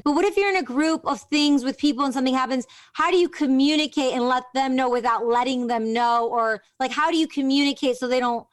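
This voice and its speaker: A woman's voice: a little high, dry recording. A woman hosting an interview, telling a long, rambling personal story in a loose, chatty way with many fillers. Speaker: podcast host. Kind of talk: casual interview chat.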